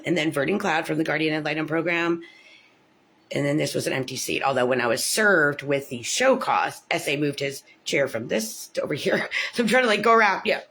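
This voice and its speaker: An American woman in an angry personal rant, swearing often, filling with "like", and jumping up in pitch when she gets indignant. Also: gravelly, a bit bright. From United States. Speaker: parent telling about her court case.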